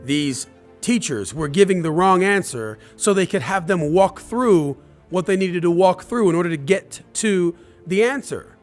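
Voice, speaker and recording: Guy doing a live hype talk, high voice, keeps hammering the same phrase, faint music under it. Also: expressive, unhurried. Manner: emphatic, repeats key phrases; addresses viewers directly. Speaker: motivational speaker.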